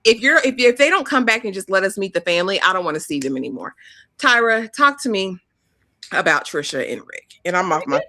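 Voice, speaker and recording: A woman's voice: medium pitch, sing-song, a little fast, pushed and bright, dry recording, studio quality. A woman co-hosting a live recap of a reality show, giving blunt, sassy, exasperated commentary. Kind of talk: casual live recap chat.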